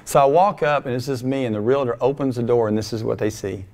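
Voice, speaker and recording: A middle-aged pastor with a mid-range, slightly mellow voice speaks quickly in a church sanctuary. His sermon is folksy and conversational, built around a personal story in which he acts out bits of dialogue.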